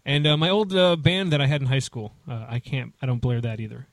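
A man hosting a casual podcast, talking in a rambling way full of fillers and false starts. His voice sits at an ordinary middle pitch, recorded close and dry. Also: fairly even intonation, fairly quick, no echo. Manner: rambling, many restarts and fillers. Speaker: podcast host.

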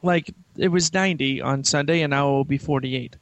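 A man's voice: a little high, a little fast, fairly bright tone, no echo. A man co-hosting a casual podcast, teasing and laughing easily. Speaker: podcast co-host.

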